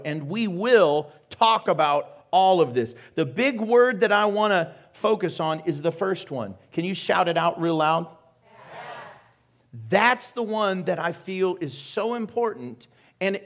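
A man preaching a sermon as pastor, animated and joking, asking the congregation questions. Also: sits high.

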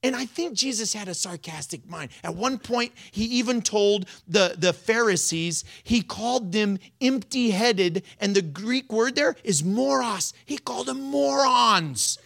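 A pastor giving a sermon in a playful, animated way, often breaking into laughter while explaining scripture. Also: mid-range voice, measured pace, creaky, few pauses.

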